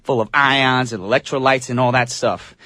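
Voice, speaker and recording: A man's voice: mid-range voice, fairly even intonation, normal speed, pushed and bright, no room sound. A man from the United States hosting a morning radio show in an upbeat, chatty, self-joking way. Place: radio studio.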